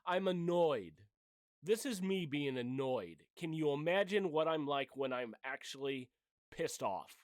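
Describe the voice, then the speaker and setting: Slow-talking man in a profane rant. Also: fairly high pitch, animated, no echo, studio quality. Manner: profane, blunt, heated. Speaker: channel host. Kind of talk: opinion rant to camera.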